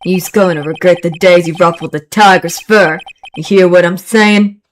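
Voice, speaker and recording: A woman's voice: fairly low pitch, fairly even intonation, slight background noise, lightly acted. A woman reading a brash male thug from a courtroom game with a put-on Brooklyn accent. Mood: gruff. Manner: brash, bullying, fast. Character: gruff loud male thug with fake Brooklyn twang.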